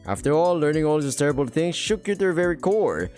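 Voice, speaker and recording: A man's voice: a little high, very animated, fast, darkish tone, faint music behind. A man reading a visual novel aloud for his channel, mixing the narration with dry, joking asides.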